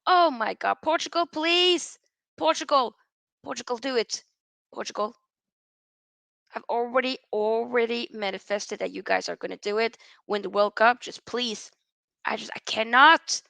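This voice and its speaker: Football channel girl ranting live, kinda high, gravelly, super dry sound. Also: a bit bright, dry recording. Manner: passionate, exasperated ranting; reads out viewer chat comments. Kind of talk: live stream reaction chat.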